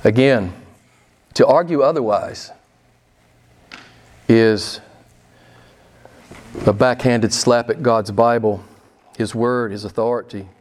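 A man preaching a sermon as pastor, emphatic and full of rhetorical questions, swinging between loud and soft. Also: medium pitch, takes it slowly, long pauses.

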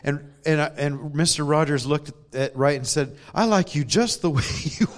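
A man's voice: on the high side, normal speed, slight background noise. A man giving a conversational sermon in a church, telling stories with self-deprecating humor and laughs. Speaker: preacher.

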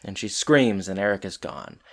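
A man's voice: deep voice, normal speed, gravelly. Guy cohost, easygoing, jokey asides, lots of uhs. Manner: relaxed, joking asides, hesitant fillers. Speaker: podcast co-host. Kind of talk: casual chat recapping a TV episode.

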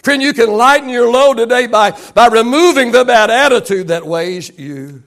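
A man preaching in a church with a high, gravelly voice. He preaches emphatically, urging the congregation to say lines back to him. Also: lively intonation, moderate pace, a bit bright. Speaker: pastor. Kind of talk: sermon. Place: church sanctuary.

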